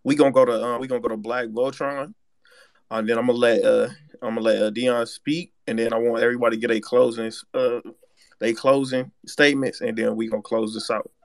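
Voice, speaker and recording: A man moderating a livestream panel, passing the floor to speakers in a relaxed way with many fillers. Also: medium pitch, a little fast, no echo, clean studio sound. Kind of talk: casual livestream hosting.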